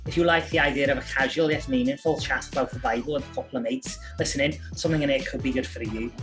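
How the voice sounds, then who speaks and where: A man's voice: mid-range voice, steady tone, fast talker, over music, close to an everyday voice. A man voicing a podcast announcer in a put-on Scouse accent, with a cheery, announcer-like delivery. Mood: upbeat. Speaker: podcast co-host.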